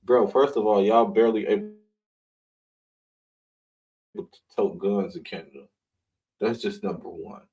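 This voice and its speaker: A man's voice: lowish voice, unhurried, pauses often, mellow, dull audio. A man hosting a live online show, riffing in blunt, mocking casual commentary and swearing freely.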